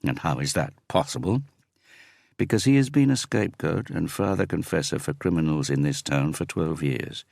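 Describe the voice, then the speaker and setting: A cold, icy police inspector in an audiobook, read by a man. He presses in a measured, deliberate way, with a very deep voice, some gravel in it, and a dry close sound. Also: animated, a little mellow, dry recording, exaggerated voice. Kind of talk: audiobook character reading.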